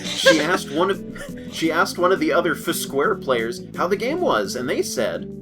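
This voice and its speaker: A man narrates a comedic fan fiction in an amused way, his voice moving lively up and down at a middle pitch. Music plays clearly behind him. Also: a little slow. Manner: amused, often breaking into laughter. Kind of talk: comedic fanfiction reading.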